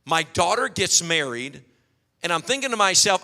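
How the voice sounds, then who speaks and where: A man preaching a sermon, telling animated stories and acting out quotes. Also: high-pitched, moderate pace, gravelly. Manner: storytelling, animated, acts out quotes. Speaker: pastor. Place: church hall. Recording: long hall reverb.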